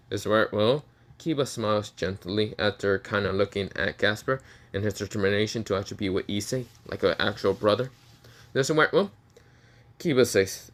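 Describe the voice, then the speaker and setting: A man's voice: lowish voice, fairly quick, a bit bright. A man narrating an improvised fan story, full of fillers and restarts. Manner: hesitant, many fillers and restarts.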